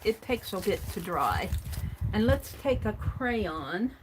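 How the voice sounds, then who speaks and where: A woman's voice: mid-range voice, expressive, slow. A woman casually demonstrating a mixed-media art experiment, thinking aloud as she works at a craft table. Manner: thinks aloud while working, chatty and tentative. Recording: audible background noise with clicks.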